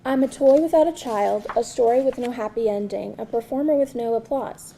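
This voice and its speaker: A woman reading her own spoken word poetry at a release event, slow and earnest with a repeated refrain. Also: a little high, gravelly, warm tone, a little hiss or hum. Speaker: poet reading her work.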